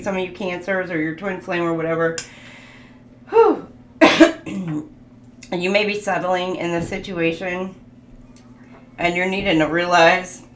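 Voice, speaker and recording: A woman giving a casual tarot reading, chatting and listing card keywords as she goes. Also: fairly low pitch. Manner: chatty, laughs often, lists card keywords. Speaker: tarot reader. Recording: roomy with faint background noise.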